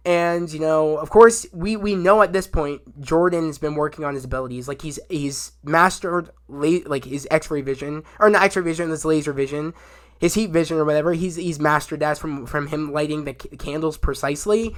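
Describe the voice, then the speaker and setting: A man's voice: a little high, moderate pace. A young man giving a casual spoiler review of a TV episode, rambling with many fillers and restarts. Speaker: show reviewer.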